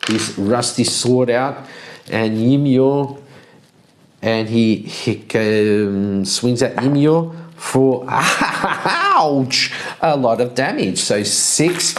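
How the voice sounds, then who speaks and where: Slow, rambling man narrating a game. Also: medium pitch. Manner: chuckling, rambling, counts moves aloud. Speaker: solo tabletop game player and narrator. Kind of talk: casual narration of a solo tabletop game.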